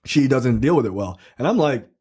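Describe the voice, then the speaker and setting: A man's voice: medium pitch, a little fast, breathy edge. A man in his thirties co-hosting a casual podcast chat, telling stories with lots of profanity and acted-out quotes. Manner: animated storyteller, acts out quotes with profanity. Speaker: podcast co-host.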